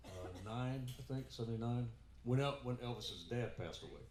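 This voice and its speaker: A man's voice: medium pitch, moderate pace, a little mellow. A man telling a story between songs at a live in-store show, rambling with many fillers and restarts. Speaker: musician performing in-store. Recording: echoey store room with guitar.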